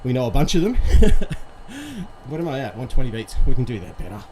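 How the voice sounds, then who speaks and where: A man's voice: mid-range voice, expressive, fast, warm tone. A man hosting a casual live stream while pedalling an exercise bike, upbeat and quizzing his viewers, a little out of breath.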